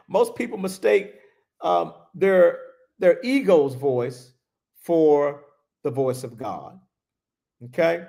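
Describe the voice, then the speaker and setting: A man preaching a sermon as a bishop, animated and laughing, repeating key phrases for emphasis. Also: a little high, gravelly. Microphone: livestream.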